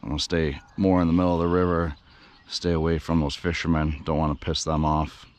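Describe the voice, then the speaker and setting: Excited and out of breath, a very deep-voiced man speaks briskly as he runs a radio-controlled boat on a river for his outdoor vlog. He admits he's shaking with excitement and keeps addressing his viewers with "you guys."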